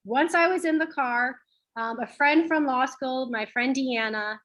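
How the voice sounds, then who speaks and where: Earnest higher-voiced woman guest. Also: measured pace, fairly bright tone. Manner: earnest, reflective, with fillers. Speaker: lawyer and guest. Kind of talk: personal storytelling in an interview.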